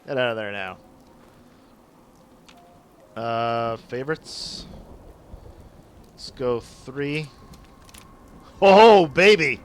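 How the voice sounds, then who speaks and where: A young Canadian man streaming gameplay live, chatting excitedly with viewers and apologizing a lot. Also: mid-range voice, drawn-out words, long pauses, clear, resonant tone.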